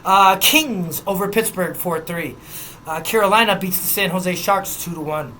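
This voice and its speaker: A young man with a bright, forward voice hosts a casual sports rundown. He rattles off scores in quick lists and drifts into loose, swearing asides. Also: sits high, slight background noise. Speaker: sports podcast host.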